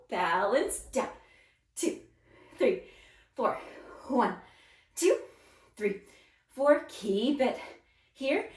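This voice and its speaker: A woman leading a follow-along ballet arm workout, counting beats and cueing moves in an encouraging, upbeat way. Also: a little high. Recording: roomy sound, mic set at a distance.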